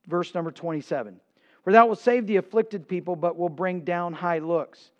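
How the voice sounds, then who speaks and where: Preacher, male, high-pitched, dynamic delivery, dull lo-fi recording. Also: moderate pace. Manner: animated preaching, swings from quiet to emphatic. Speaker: pastor. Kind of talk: sermon.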